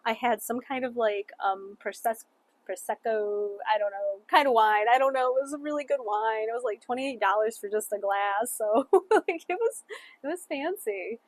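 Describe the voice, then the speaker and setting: A woman's voice: a little high, normal speed. A young woman chatting casually through a travel story, saying "like" a lot, laughing often and swearing offhandedly. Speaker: travel vlogger.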